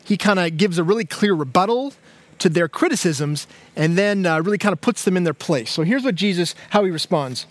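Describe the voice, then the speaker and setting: High-voiced man preaching a casual sermon. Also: animated, fairly quick. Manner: conversational, with frequent fillers and repeated words. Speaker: pastor.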